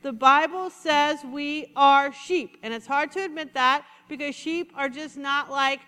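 High, bright-voiced woman preaching. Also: normal speed, few pauses, big-room sound. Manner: animated, conversational preaching with acted-out asides. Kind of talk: sermon.

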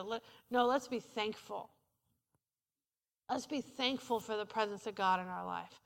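Her sermon unfolds at a measured pace, its voice on the higher side, pushed and bright with some vocal fry. She keeps it conversational and humorous, prompting the congregation to answer back, and the church sanctuary gives the recording a reverberant, hall-like sound.

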